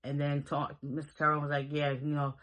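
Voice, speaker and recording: A man casually recapping a TV episode, rambling through the plot and quickly quoting the characters. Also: a little high, monotone, fairly bright tone, poor audio. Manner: rambling storytelling, quick quoted asides. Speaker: show recap host.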